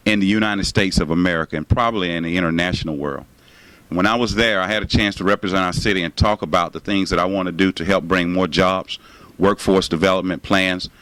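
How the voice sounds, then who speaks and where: Man giving a campaign speech, lowish voice, dry close sound, emphatic and repetitive. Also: a bit bright, no echo, rough recording. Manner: emphatic, repetitive rally rhetoric. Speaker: city mayor.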